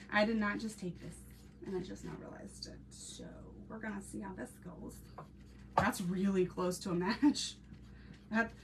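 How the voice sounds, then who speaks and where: A woman from Ohio chats through a live crafting stream, laughing often and talking straight to her viewers. Her voice sits at an ordinary middle pitch. It is picked up from a little distance, with a faint hiss of background noise. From Ohio, USA. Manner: chatty, laughs often, talks to viewers and chat. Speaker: crafting channel host.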